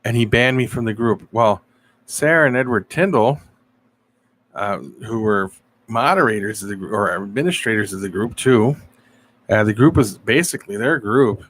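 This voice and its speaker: A man's voice: on the low side, moderate pace, slight background noise. Casual man chatting with stream viewers. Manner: animated storyteller, answers chat viewers. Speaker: live-stream show host. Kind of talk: casual live-stream chat.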